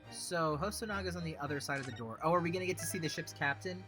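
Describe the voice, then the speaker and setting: A man's voice: a little high, fast talker. A man streaming a game, reading dialogue aloud with playful, joking asides. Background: game music.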